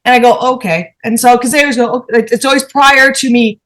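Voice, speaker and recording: Woman panelist, higher voice, animated swearing storyteller who acts out every line. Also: fast talker. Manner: animated, profane storytelling with acted-out dialogue. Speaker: podcast panelist. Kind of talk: casual storytelling chat.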